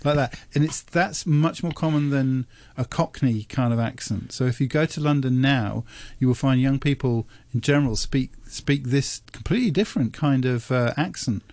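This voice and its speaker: A man presenting on radio, chatting casually in a studio, thoughtful and hesitant with many pauses. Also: mid-range voice, a little mellow. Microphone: studio microphone.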